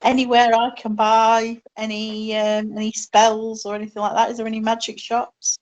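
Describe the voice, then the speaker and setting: A woman's voice: a little high, completely flat delivery, normal speed, darkish tone, highs cut off. Hesitant woman playing a tabletop game. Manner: hesitant, many ums and restarts. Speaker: player. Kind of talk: casual tabletop play.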